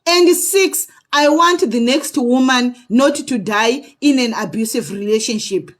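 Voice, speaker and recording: A woman vlogger telling her personal story to camera in an earnest way, often pausing to ask "okay?" of her viewers. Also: a little high. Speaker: vlogger sharing personal experience.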